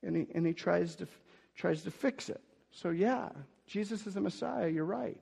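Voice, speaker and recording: A man preaching a sermon, telling the story with sudden swings between loud emphasis and hushed asides. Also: high-pitched, normal speed, vocal fry, husky, long reverb tail. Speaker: pastor.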